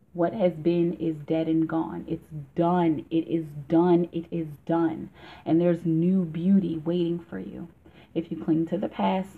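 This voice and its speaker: A woman giving a casual tarot reading for a vlog, chatty and emphatic, laughing often. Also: lowish voice. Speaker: tarot reader. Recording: tinny phone-like sound.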